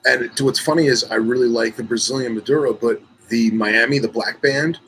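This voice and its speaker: A man co-hosting a casual talk show at a middling pitch, chatty and relaxed. He pokes fun at himself as he tells his stories. A faint background hum sits under his voice. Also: fairly quick, low-quality recording. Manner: relaxed, chatty, self-mocking. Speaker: podcast co-host. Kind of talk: casual chat.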